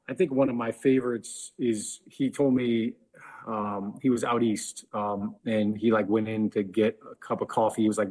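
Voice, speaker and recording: A man's voice: fairly low pitch, a little mellow, breathy edge. A man chattily telling a funny story as a guest on a sports podcast. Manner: chatty, full of "like" fillers. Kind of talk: casual storytelling.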